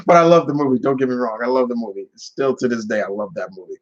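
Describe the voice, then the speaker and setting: A man's voice: mid-range voice, brisk, highs cut off. A man casually answering viewer questions on his channel, rambling with many restarts and fillers. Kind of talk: casual live Q&A chat.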